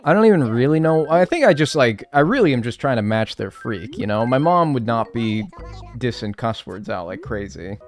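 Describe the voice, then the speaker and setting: Lively, rambling male game streamer. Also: medium pitch, moderate pace, soft background music. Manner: rambling, animated and joking. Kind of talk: casual live-stream gaming chat.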